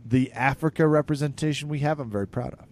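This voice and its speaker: A man co-hosting a podcast in casual comedic chat, joking and animated, with sudden loud emphasis. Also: medium pitch, fast talker. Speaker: podcast co-host.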